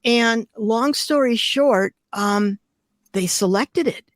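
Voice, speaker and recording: Older woman, from Detroit, artist guest, vivid emotional storyteller, highish voice, dry close sound. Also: slow pace, no room sound. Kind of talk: storytelling interview.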